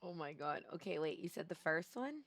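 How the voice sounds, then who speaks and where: A woman's voice: deep voice, very animated, a little fast. A woman streamer reacting live to a game, gushing and squealing over how cute everything is.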